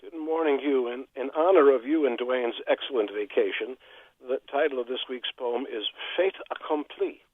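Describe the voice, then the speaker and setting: A man's voice: mid-range voice, normal speed, no echo. Man reciting rhyming verse by phone. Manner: steady sing-song rhyming delivery. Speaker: show's poet, reciting a poem. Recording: tinny phone line.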